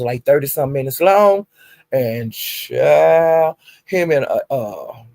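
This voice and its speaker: A woman's voice: low-pitched, a little mellow, no echo, studio quality. A woman casually recounting gossip, chatty and profane with laughing asides. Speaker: gossip vlogger.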